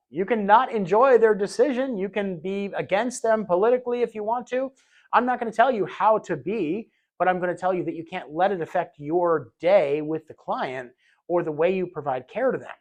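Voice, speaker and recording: A man teaching a recorded training lecture for healthcare aides, talking in a relaxed conversational way, often repeating words as he restarts a thought. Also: a little high. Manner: conversational, acts out little scenes in quoted voices.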